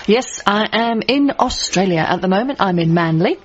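A woman's voice: mid-range voice, expressive, moderate pace, hardly any pauses, breathy edge, dull audio. A woman reporting in a bubbly, enthusiastic way, as a roaming radio reporter. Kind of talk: upbeat recorded travel report.

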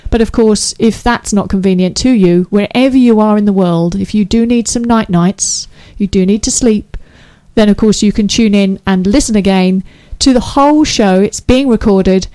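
A woman's voice: mid-range voice, moderate pace, hardly any pauses, dark tone, no echo, low-quality recording. A woman hosting a live internet radio show, chatting in a bubbly, gushing way and laughing often. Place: small radio studio.

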